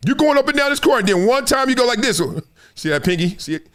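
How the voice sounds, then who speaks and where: A man hosting a sports talk stream in a casual, slangy, animated way, laughing often. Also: extremely high pitch, fast. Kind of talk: casual live-stream commentary.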